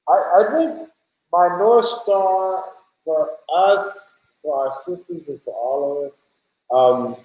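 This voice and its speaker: A man's voice: a little high, a little mellow, reverberant, low-quality recording. A man speaking as a panelist on a video call, joking at first and then emphatic and passionate.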